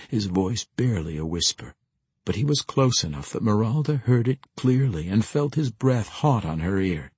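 A man narrates a novel in a measured, expressive manner, his lowish voice moving widely in pitch. The tone is husky and the sound dry and close. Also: dry recording. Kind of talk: audiobook narration.

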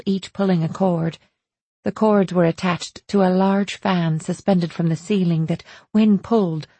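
Husky, mellow woman narrating an audiobook. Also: lowish voice, dry recording. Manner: measured, storytelling. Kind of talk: first-person audiobook narration.

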